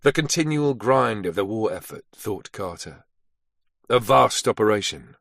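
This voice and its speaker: Low-voiced male thriller narrator. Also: animated, unhurried, vocal fry, a bit bright, no room sound, clean studio sound. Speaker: audiobook narrator. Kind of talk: scripted narration.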